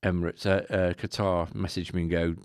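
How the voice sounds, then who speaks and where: A man tells a rambling story to a co-host, acting out other people's voices along the way. His voice sits low and has a gravelly fry. The sound is dry and close. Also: brisk, no room sound. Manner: animated anecdote with mimicked voices and laughs. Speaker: podcast co-host. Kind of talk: casual storytelling chat.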